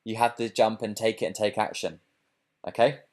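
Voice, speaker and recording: Punchy male webinar coach, low voice. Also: moderate pace. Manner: energetic, punchy, keeps saying "okay?" and "look". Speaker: business coach hosting a webinar. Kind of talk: sales pitch wrap-up of a webinar.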